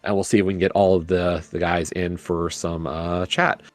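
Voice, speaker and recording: A man's voice: deep voice, normal speed, no room sound, faint music behind. A man commentating a live video game race, then chatting casually with the players. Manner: relaxed, chatty, asks players questions.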